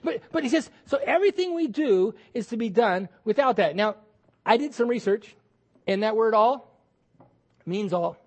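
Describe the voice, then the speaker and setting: High-voiced man preaching emphatically. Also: moderate pace. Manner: animated, emphatic preaching with repeated words and acted-out quotes. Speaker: pastor. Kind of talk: sermon.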